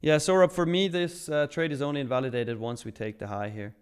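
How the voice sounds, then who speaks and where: A man's voice: on the high side, steady tone, fairly quick, clear, resonant tone. A man from Switzerland hosting a live trading stream, upbeat and chatty as he reads chat aloud. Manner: upbeat, chatty, hyped by milestones.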